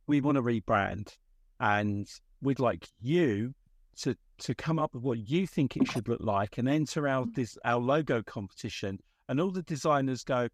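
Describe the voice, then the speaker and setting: A man hosting a podcast, rambling through animated stories and acting out quotes in casual chat. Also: mid-range voice, moderate pace, no echo, studio quality. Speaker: podcast host.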